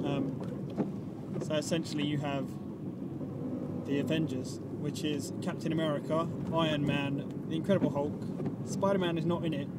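A man's voice: a little high, very noisy. A man in a casual film-chat vlog, rambling, swearing and losing his train of thought while talking from a car. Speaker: vlogger.

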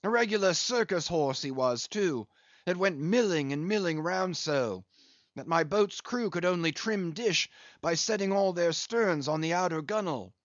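A man's voice: high-pitched, expressive, normal speed, no echo, lo-fi sound, voice pushed up. A man voicing a hearty, good-humoured whaling captain telling a long sea story in an audiobook. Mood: storytelling. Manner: chatty yarn-spinning.

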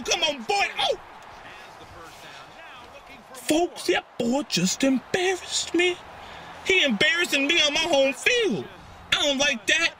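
A young man giving excitable, trash-talking commentary over his own football video game, sometimes drifting into a sing-song delivery. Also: very high-pitched. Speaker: gaming YouTuber. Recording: music playing behind.

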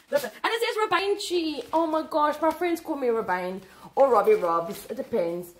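A woman unboxing gifts on camera, talking excitedly and emotionally to her viewers. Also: very high voice, moderate pace, echoey room, a little hiss or hum. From South Africa. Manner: excitable, emotional, exclaiming and laughing. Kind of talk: casual chat to camera.

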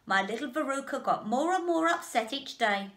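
A woman reading aloud as a boastful rich father who owns a peanut factory, telling his tale in a lively, bragging way. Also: sits high, moderate pace, voice pushed up.

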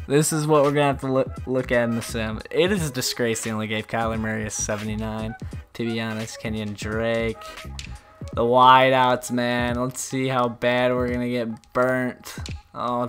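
A man giving casual, foul-mouthed commentary over a football video game, trash-talking the team he follows and shouting when plays go wrong. His voice sits in an ordinary middle pitch. Faint music plays underneath. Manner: profane, mocking, gets loud and excited. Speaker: gaming YouTuber.

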